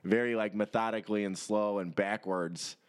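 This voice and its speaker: A young man co-hosting a podcast, speaking in casual comedic chat with dry, deadpan quips. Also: lowish voice, normal speed, smooth. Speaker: podcast co-host.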